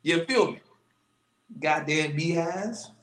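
A man's voice: fairly high pitch, takes it slowly. Slangy joking man in a roomy echo. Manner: animated, joking, heavy slang. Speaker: podcast co-host. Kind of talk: casual podcast banter.

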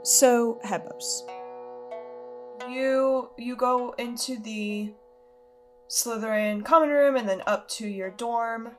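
A woman's voice: fairly high pitch, slow, soft background music. Casual woman running a tabletop game. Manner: chatty, casual, with many fillers. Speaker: game master.

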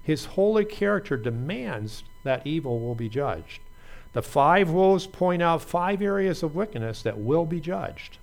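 A man's voice: on the high side, sing-song, a little slow, gravelly, darkish tone. A man preaching an earnest Bible sermon, reading scripture aloud with small slips.

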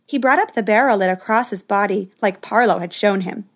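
A woman narrating a storybook adventure in a steady, expressive way. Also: medium pitch, fairly quick.

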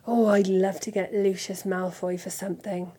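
A woman's voice: medium pitch, flat delivery, moderate pace, mellow, breathy edge, close to an everyday voice. A woman reading aloud, voicing an eager, curious father wizard. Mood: earnest.

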